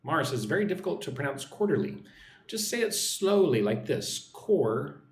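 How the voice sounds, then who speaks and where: With a slightly high voice full of big pitch swings, a brisk American man leads a live-streamed English class indoors in Vietnam. He drills phrases, reads viewer comments aloud and keeps checking in with "right?", all in a reverberant room.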